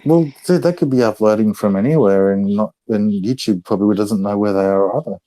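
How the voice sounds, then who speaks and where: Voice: low voice, a little fast, mellow. A podcast co-host in laid-back, slangy casual chat with a playful manner.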